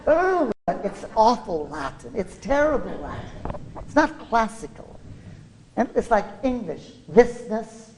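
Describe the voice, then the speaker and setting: Lecturer, gravelly voice, animated, quizzes listeners with jokey asides. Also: medium pitch, slow pace, low-quality recording. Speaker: scholar lecturing to a class. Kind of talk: lively classroom lecture.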